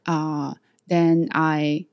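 A woman telling a story to camera in a vlog, hesitant with many fillers and restarts, animated when she acts out what others said. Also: deep voice, drawn-out words, highs cut off. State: sweaty after a walk. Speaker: vlogger.

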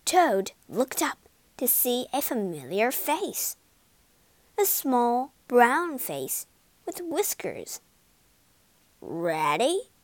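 Slow, lively woman storyteller. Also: high-pitched, no room sound. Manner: expressive, deliberate. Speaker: narrator. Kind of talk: storybook read-aloud narration.

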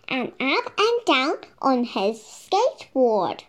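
A woman storyteller reads a picture book aloud in a very high, bright voice. She goes very slowly and lets her voice rise and fall in a lively sing-song; her first language is Chinese. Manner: slow, clearly paced, sing-song.

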